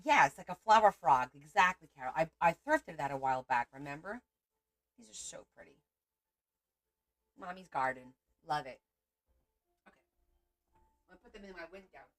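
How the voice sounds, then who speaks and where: Chatty middle-aged woman, slightly low voice. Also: expressive, moderate pace, long pauses. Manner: chatty, rambling, greets viewers by name. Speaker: livestream host. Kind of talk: casual livestream chat.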